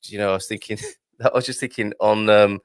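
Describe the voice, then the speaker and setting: A man's voice: fairly low pitch, steady tone, fairly quick, clear, resonant tone, no room sound. Male host, casual and chatty, laughs easily, dry mic. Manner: chatty, laughs often, stumbles over Portuguese words. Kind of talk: casual chat show.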